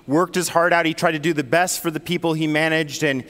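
A man's voice: fairly high pitch, fairly even intonation, brisk, a bit bright, in a large hall. A man preaching a sermon as pastor, telling a story in a conversational way. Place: church sanctuary.

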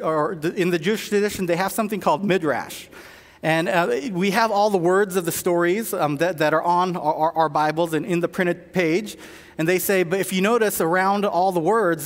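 A man with a high voice preaches in a church, weaving in stories with frequent fillers and restarts. His words carry a long reverb through the large room. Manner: storytelling with many restarts and fillers. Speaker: pastor. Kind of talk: sermon.

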